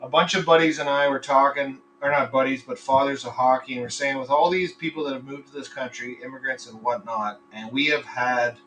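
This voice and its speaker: A man's voice: medium pitch, steady tone, brisk, hardly any pauses, fairly bright tone, far from the mic, slight background noise, rough recording. A man hosting a casual live podcast, rambling between topics, swearing freely and telling crude jokes. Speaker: podcast host. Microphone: computer microphone.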